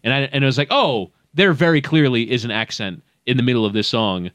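A man's voice: medium pitch, quick pace, fairly bright tone, no echo. A man chatting casually on a podcast, a chatty storyteller who wanders into tangents. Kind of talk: casual chat.

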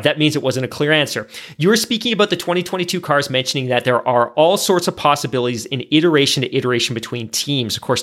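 A man's voice: mid-range voice, fairly bright tone. A man hosting a casual podcast who reads out listener questions. His manner is chatty and a little self-deprecating. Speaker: podcast host.

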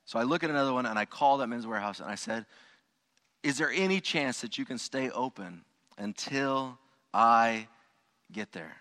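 A pastor preaches to his congregation, telling a story casually, with restarts and asides to the people in the pews. His voice is bright and forceful at a middle pitch. The sound carries a long reverb from the church hall. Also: expressive, normal speed. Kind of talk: storytelling sermon. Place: church sanctuary.

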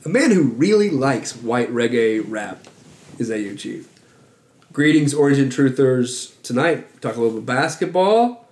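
A man's voice: medium pitch, big pitch swings, measured pace, darkish tone. A man hosting a podcast in casual chat with his co-hosts, joking and rambling. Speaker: podcast host. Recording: roomy echo.

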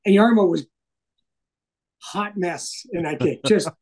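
A middle-aged hockey broadcaster, appearing as an interview guest, tells stories in a casual, animated way and swears freely. His voice sits high and his pace is slow, though the audio quality is poor.

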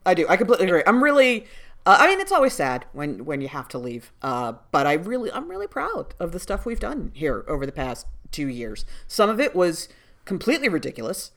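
A woman co-hosting a podcast in casual chat. Her voice is low for a woman but swings widely in pitch. She is wry and lively in manner. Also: brisk. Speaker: podcast co-host.

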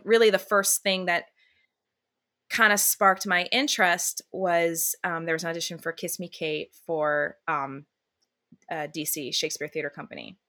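A lower-pitched woman with a bright, forceful edge to her voice talks as a guest in a relaxed interview. She tells her stories candidly and with animation, using plenty of fillers and casual swearing. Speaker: musical theater actress, guest.

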